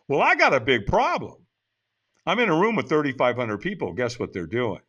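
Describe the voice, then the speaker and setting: Animated older man telling a story. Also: medium pitch, brisk, slightly rough, lo-fi sound. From United States. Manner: animated, acts out quoted dialogue in the story. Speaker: podcast guest. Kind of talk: storytelling in conversation.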